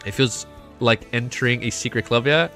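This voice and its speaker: एक उत्साही अमेरिकी लहजे वाला आदमी, लाइवस्ट्रीम पर बेफ़िक्र बातें करता हुआ, तेज़ और चमकदार आवाज़, पीछे हल्का संगीत।. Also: male voice, moderate pace, soft background music. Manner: excitable, swears freely, jumps between high and low pitch. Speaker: livestream host. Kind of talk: casual stream chat.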